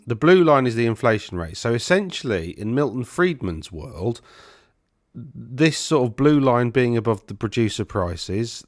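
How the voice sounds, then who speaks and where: A man's voice: fairly low pitch, no echo, clean studio sound. A man, a financial planner, explaining economic charts in a casual, thinking-aloud way on his own microphone. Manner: conversational, loose and thinking aloud.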